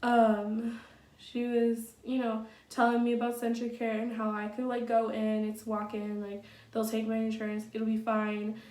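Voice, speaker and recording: A young woman with a slightly high voice tells a casual story to camera, blunt, chatty and full of fillers and profanity. She sits back from the microphone. The room around her rings with echo. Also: monotone, a little slow, a little mellow, recorded from a distance. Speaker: vlogger. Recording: echoey room, from off the mic.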